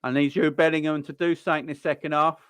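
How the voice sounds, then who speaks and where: A man's voice: on the high side, flat delivery, fast, a bit bright, clean tone, dry recording. A man hosting a football watchalong livestream, chatting casually and bluntly with viewers, repeating himself and using lots of fillers. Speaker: livestream host reacting to a football match. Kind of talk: casual live chat reading viewer comments.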